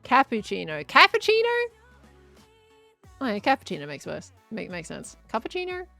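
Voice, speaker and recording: A woman's voice: mid-range voice, huge pitch swings, moderate pace, gravelly, bright, forceful tone, soft background music. A woman, chatting casually on a live stream, rambling and laughing as she reads chat. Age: 20s.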